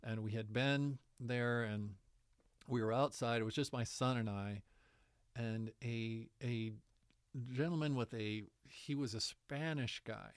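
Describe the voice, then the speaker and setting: A man telling a travel story in a casual interview, animated and laughing often. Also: medium pitch, measured pace, clean tone, dry recording, clean studio sound. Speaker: guest, distance education coordinator.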